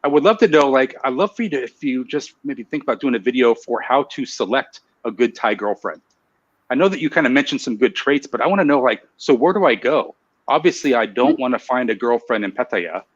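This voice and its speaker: A man's voice: mid-range voice, animated, fairly quick. Guy hosting a live stream, chatty, reads the chat out, kinda dull lo-fi sound. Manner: chatty, laughs at himself, reads viewer comments. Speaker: host of a live show.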